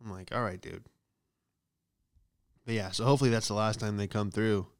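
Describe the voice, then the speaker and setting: A man's voice: lowish voice, fairly even intonation, fast, clear, resonant tone. A man doing a casual, profane comedic monologue, riffing with exaggerated bits about everyday hassles. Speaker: comedian host.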